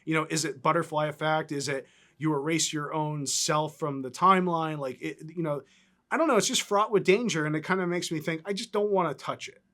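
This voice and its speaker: A man co-hosting a podcast in casual chat, animated and rambling, filling his talk with "like" and "right?". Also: on the high side, fairly quick. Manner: animated, rambling, lots of 'like' and 'right?'. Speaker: co-host.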